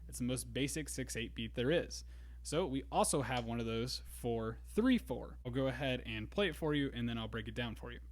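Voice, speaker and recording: A man teaching a drum lesson in a relaxed way, explaining grooves step by step. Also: medium pitch, a little fast, soft background music. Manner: counts beats aloud, easygoing explaining. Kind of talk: casual instructional talk. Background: drum kit and metronome.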